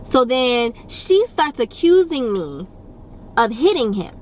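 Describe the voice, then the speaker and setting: Speaking slowly in a somewhat high, very animated voice, a young YouTube storyteller recounts a casual storytime to her camera. She's no-nonsense and sassy, repeating points for emphasis, and a faint hiss lies beneath her close-miked sound.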